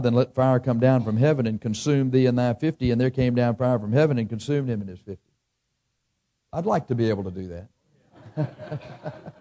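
A man's voice: mid-range voice, dark tone. A man preaching a sermon, reading scripture aloud in old-fashioned cadence and adding folksy asides and chuckles. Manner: folksy, reads scripture in King James cadence, chuckles at own jokes.

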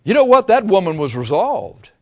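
A man's voice: sits high, very animated, moderate pace. A male preacher giving an impassioned sermon, telling the story and acting out the voices of its figures.

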